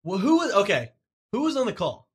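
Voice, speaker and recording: Male co-host, crude and exasperated, lively swinging pitch. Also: fairly quick, husky. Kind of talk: casual comedy banter. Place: studio.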